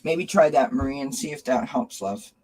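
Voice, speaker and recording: A woman's voice: extremely low pitch, moderate pace, darkish tone. A woman hosting a casual live tarot stream from home, chatting affectionately with viewers by name. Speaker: tarot reader and channel host.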